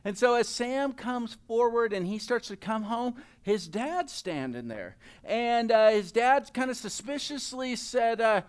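Man, pastor, high voice, chatty storytelling sermon, joking. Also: animated, measured pace, few pauses, clean tone.

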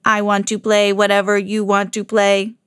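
A woman voicing a proud male robot cat in a storybook, speaking slowly in an even, robotic way. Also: mid-range voice, clear, resonant tone, no echo, studio quality, close to an everyday voice. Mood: flat robotic. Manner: slow, even robotic delivery.

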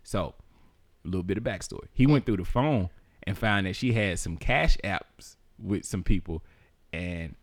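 A man's voice: low voice, normal speed, no room sound. A man telling a story on a podcast in casual slang, laughing often and acting out the people he quotes.

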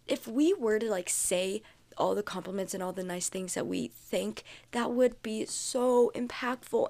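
A woman's voice: a little high, a little mellow. A young adult woman hosting a casual solo podcast, chatty and full of fillers, repeating her points for emphasis. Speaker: podcast host.

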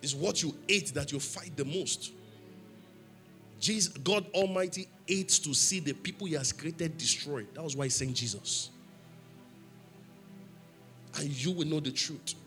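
Pastor preaching, kinda high voice, keeps asking the church "what?", faint music behind. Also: male voice, normal speed, pushed and bright. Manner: emphatic, call-and-response questions to the congregation. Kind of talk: sermon.

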